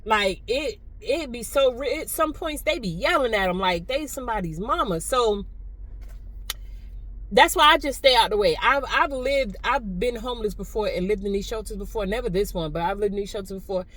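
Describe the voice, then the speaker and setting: A middle-aged woman tells a story in an easy, nonchalant vlog voice. She rambles, sometimes dropping into a hushed aside and then raising her voice again. It is recorded on a phone while she rides a bus. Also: mid-range voice, moderate pace, poor audio. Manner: nonchalant, chatty, drifts between hushed asides and louder telling. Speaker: vlogger. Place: riding a bus.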